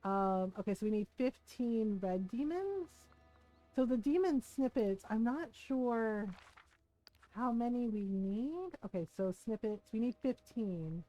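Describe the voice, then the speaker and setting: A woman's voice: on the high side, expressive, measured pace, dark tone, faint music behind, rough recording. A woman from the United States, streaming a game while casually telling a family story, acting out quotes and laughing often.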